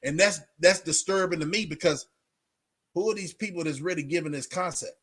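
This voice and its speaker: A man's voice: a little high, brisk, fairly bright tone, breathy edge. Emphatic man preaching straight talk. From Texas. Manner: preachy, emphatic, repeats himself. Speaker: vlogger. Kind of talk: casual straight-talk monologue.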